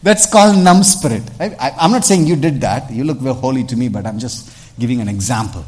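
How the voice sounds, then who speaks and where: A man preaches a sermon in a church, his voice sitting at a middle pitch. He is animated and punchy, checking in with the congregation and swinging between soft asides and loud calls. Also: brisk. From India. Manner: animated, calls out "Hello?" to the congregation, dramatic shifts in loudness. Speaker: pastor.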